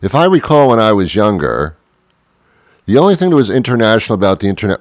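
A man's voice: lowish voice, big pitch swings, quick pace, dry recording, studio quality. A man hosting a show, rambling through a wry comic monologue and acting out both sides of imagined conversations. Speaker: radio show host.

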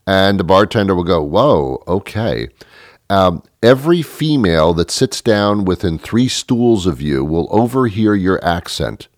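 Very deep-voiced man joking through advice. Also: animated, normal speed, few pauses, no room sound. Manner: rambling, joking, conspiratorial advice. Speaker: comedic monologue host. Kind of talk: comic monologue to camera.

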